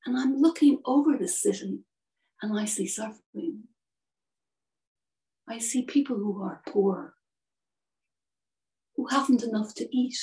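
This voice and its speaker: A woman voicing a sorrowful male prince statue, speaking softly and gently, heard from a distance. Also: a little high. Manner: soft, hushed and sorrowful. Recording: distant from the mic.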